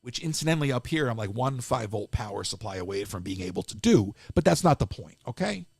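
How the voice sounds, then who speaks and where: Animated, gravelly man ranting on a stream. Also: medium pitch, fast, no room sound. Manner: exasperated, animated ranting with many restarts. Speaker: live-stream host. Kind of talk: casual live-stream rant.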